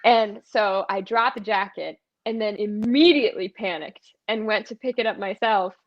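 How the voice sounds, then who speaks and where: A woman with a mid-pitched voice tells stories on a video call in a chatty, self-mocking way. The audio is dull and lo-fi. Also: normal speed. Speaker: touring musical theatre performer, guest. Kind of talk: casual chat.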